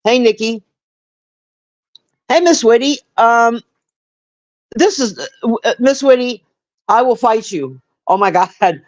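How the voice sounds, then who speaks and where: A woman's voice: fairly high pitch, animated, slow, long pauses, highs cut off. A woman giving a casual, rambling movie review on a livestream, blunt and profane, chatting with viewers in between. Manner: chats with live viewers.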